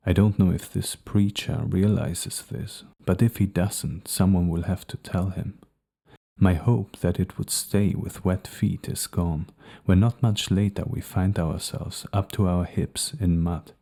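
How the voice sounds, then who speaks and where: In a calm audiobook reading, a man narrates a first-person novel. His voice is very low, gravelly, dark, and mellow, and he keeps a steady, measured pace.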